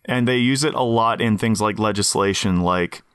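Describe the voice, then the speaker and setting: A man from Canada chatting on a podcast, quick to joke and laugh as he rambles. His voice sits on the lower side. The sound is close and dry, with no room around it. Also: fairly bright tone, clear, resonant tone, no room sound. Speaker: podcast co-host. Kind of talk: casual chat.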